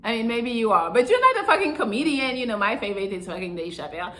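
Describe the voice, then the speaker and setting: A woman's voice: a little high, big pitch swings, quick pace, sharp tone. A young adult woman giving casual relationship advice to camera, blunt and profane, acting out the voices she quotes.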